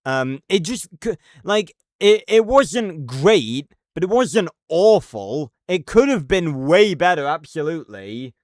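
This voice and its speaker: A man's voice: on the high side, big pitch swings, takes it slowly, few pauses, no room sound, studio quality. A man ranting casually on a live stream, rambling and cursing, with lots of fillers and restarts. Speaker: livestreamer.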